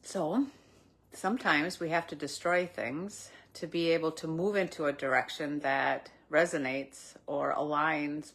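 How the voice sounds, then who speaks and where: A middle-aged woman giving a gentle, reflective spiritual talk with soft laughs now and then. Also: sits low, steady tone, a little slow, vocal fry. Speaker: spiritual teacher. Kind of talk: spiritual talk, live stream.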